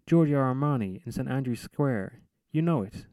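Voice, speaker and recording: A man's voice: medium pitch, lively intonation, normal speed, mellow, dry recording, pitched above the performer's own voice, natural voice. A man voicing a polite, apologetic Italian salesman from Milan with an Italian accent. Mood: eager, chatty. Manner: eager, over-polite.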